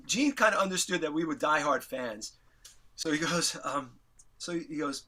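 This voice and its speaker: A middle-aged man from New York, an interview guest, telling a story animatedly, acting out quotes with big jumps in pitch and swearing casually. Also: moderate pace, sharp tone.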